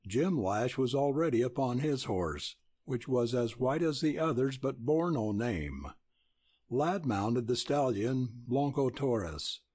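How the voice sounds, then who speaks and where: Guy narrating an audiobook, slow, husky, pitch moving around a lot, dry close sound. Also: dry recording. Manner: measured, expressive storytelling. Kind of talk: scripted narration.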